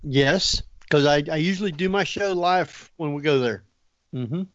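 A man hosting a radio interview, asking slow, hesitant questions. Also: a little high, no room sound, muffled recording. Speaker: radio host. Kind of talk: casual interview.

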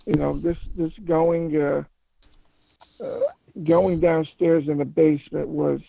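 A man telling a paranormal story in a casual phone interview, rambling and halting with many restarts. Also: a little high, little pitch movement, dry recording. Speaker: paranormal investigator guest. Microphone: phone call. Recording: tinny phone line, fry.

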